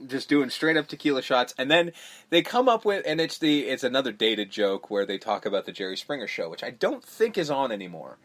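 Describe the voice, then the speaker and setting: Male podcast co-host, mid-pitched, casual recap with mimicked character lines. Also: big pitch swings, fairly bright tone. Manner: retells scenes with quick put-on character lines, swears, laughs. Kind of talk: casual movie recap chat.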